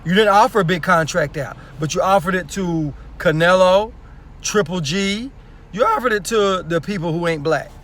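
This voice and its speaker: Heated high-voiced man ranting. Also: moderate pace, a bit bright. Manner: heated, blunt, profane, repeats rhetorical questions. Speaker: sports commentary vlogger. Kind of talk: opinion rant.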